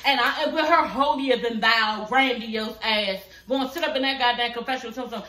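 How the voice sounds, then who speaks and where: A woman's voice: on the high side, a little fast, hardly any pauses, bright, forceful tone, reverberant, slight background noise. A woman in her thirties hosting her own channel, ranting in a sassy, profane, fired-up way about a reality show. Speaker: reality TV reviewer, channel host. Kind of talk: ranting reaction commentary. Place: home at night.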